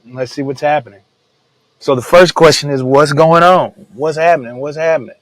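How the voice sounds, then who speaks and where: A man with a slightly high voice speaks at a normal speed, hosting a daily Bible devotional podcast. Laid-back, he retells scripture in everyday slang and keeps calling listeners "man," recorded on a podcast microphone with no room sound but rough quality.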